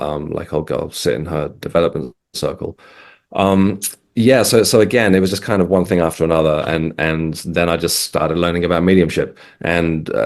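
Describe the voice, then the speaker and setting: A man with a very deep, low-pitched voice, speaking as an interview guest in an easy conversational way. He is middle-aged and from England. He pauses often, restarts sentences and fills gaps with "um" as he works through a long personal account. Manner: hesitant, restarts, many ums. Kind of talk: casual interview storytelling.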